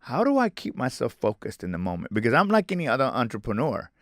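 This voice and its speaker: A middle-aged man, a guest author, telling stories in an animated, emphatic way on a podcast. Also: medium pitch, fast talker, dry recording, studio quality. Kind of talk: conversational podcast interview.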